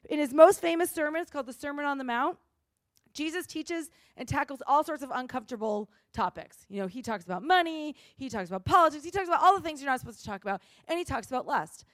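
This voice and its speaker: High-voiced woman preaching casually. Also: dry recording, studio quality. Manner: casual, asks "right?" often, says "like". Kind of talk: conversational sermon.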